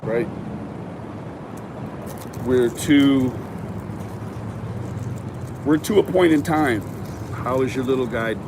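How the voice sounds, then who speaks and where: A man chatting casually on a live stream while walking, speaking slowly with many pauses and fillers. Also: medium pitch. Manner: slow and rambling, many ums. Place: outdoors and in a store. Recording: noisy street with traffic.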